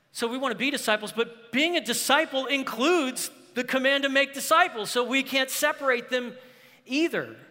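A high, bright-voiced man preaching a sermon, earnest and emphatic, pressing the congregation with rhetorical questions. His voice rings out through a hall with a long reverb trailing behind each phrase. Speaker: pastor.

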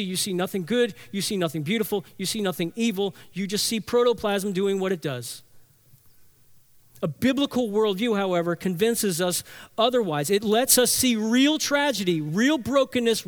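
A man preaching a sermon as pastor, earnest and emphatic, building points through repeated phrases. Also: sits high.

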